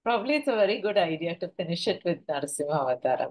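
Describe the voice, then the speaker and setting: Soft-spoken woman, low voice. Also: expressive, fast. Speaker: class participant. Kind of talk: casual online class chat.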